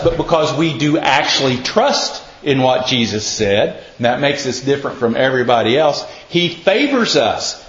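A man's voice: on the high side, fairly bright tone, a little hiss or hum. A man preaching a casual sermon, telling folksy stories and quizzing his listeners. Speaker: pastor. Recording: echoey, muffled room recording.

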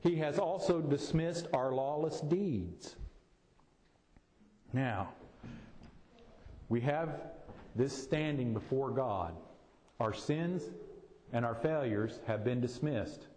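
Middle-aged male pastor, folksy and explanatory, slow measured preaching, roomy echo of a hall. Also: medium pitch, dark tone, slight background noise. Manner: folksy, explains slowly with homely examples. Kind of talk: sermon. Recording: echoey hall, voice from a distance.

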